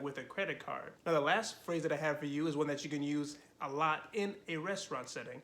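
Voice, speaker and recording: A man teaching beginner travel phrases, modeling each one slowly and carefully before translating it. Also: a little high, a bit bright. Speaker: Spanish teacher. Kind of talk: language lesson to camera.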